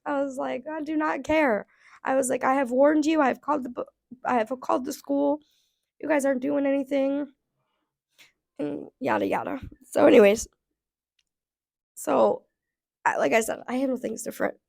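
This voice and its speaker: 30s woman spilling tea on camera, super gravelly fry, kinda high, swearing a lot, voice getting hoarse. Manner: blunt and profane, heavy filler "like". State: voice going hoarse. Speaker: vlogger. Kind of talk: casual storytime rant.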